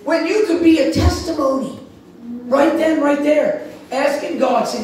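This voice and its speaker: A man preaching a sermon wrap-up, telling animated stories with sudden shouts. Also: very high-pitched, unhurried. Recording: echoey room from far off.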